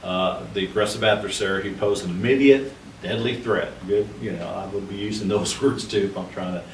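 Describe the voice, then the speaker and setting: A man whose voice sits on the low side talks a little fast about Old West history. He co-hosts a podcast and researches history, and his casual discussion is peppered with fillers and restarts. The recording is roomy and distant with faint noise.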